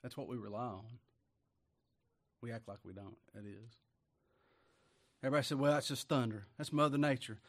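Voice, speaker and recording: Man preaching with loud and soft swings. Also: medium pitch, steady tone. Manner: dynamic, swings between loud emphasis and quiet asides, chuckles often; reads scripture aloud with slow, weighty emphasis. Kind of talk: sermon.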